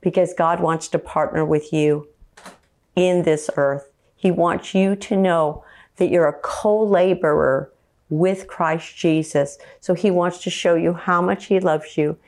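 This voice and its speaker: A woman preaching a slow, earnest teaching sermon and quoting scripture. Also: fairly low pitch, fairly even intonation, darkish tone.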